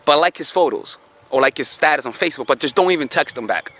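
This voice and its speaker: Guy coaching on dating, casual and swearing, kinda high voice that bounces around a lot. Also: lively intonation, quick pace, fairly bright tone. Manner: conversational, swears, rhetorical questions. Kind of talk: casual advice monologue.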